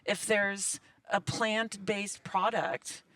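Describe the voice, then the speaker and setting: An older woman, a grandmother, speaking as a guest in a casual conference interview, lively and quick to laugh. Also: medium pitch, no echo, distant mic. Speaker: interview guest, cannabis advocate. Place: conference venue.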